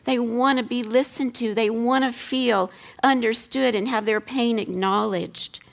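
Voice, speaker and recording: A middle-aged woman teaching from scripture, her voice a little high and touched with gravel. She talks earnestly, poses questions to her listeners, and repeats key words to drive a point home. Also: steady tone, a little slow. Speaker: seminary teacher giving a talk.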